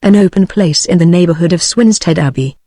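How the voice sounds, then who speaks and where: A woman's voice: fairly low pitch, brisk, warm tone, no echo, studio quality. A synthetic text-to-speech voice of a woman with a British English accent, reading a play aloud evenly, with no character voices. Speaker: audiobook reader.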